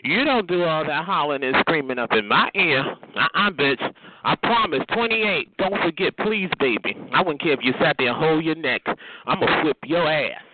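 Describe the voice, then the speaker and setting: A man's voice: animated, moderate pace, slight background noise. Man ranting angrily over a tinny phone line. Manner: profane, taunting, repeats "okay?"; pitch jumps up sharply when yelling. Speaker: chat line caller. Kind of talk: heated phone rant.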